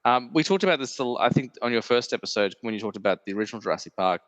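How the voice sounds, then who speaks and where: A man's voice: medium pitch, lively intonation, racing, fairly bright tone, no room sound, in a large hall. A man hosting a film podcast, chatting casually with many "like" fillers and easy laughs. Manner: rambling, lots of "like" fillers, laughs often. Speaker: podcast host. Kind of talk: casual chat.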